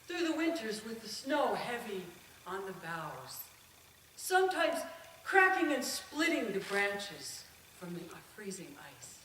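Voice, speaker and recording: Expressive woman giving a speech, far-off echo. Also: on the high side, slight background noise. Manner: expressive storytelling, swelling and dropping. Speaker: club speaker. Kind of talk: prepared speech. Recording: echoey room from far off.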